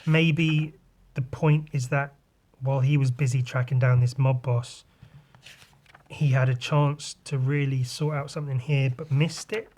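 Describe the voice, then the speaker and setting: A man hosting a podcast, talking casually through a comic in a loose, sweary, rambling way, his voice a little rough today. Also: mid-range voice, fairly even intonation, a little slow, a little mellow. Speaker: podcast host.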